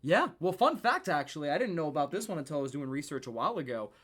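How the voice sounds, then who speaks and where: A man co-hosting a casual podcast chat, excitable and rambling, with frequent swearing. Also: fairly high pitch, quick pace. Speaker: podcast co-host.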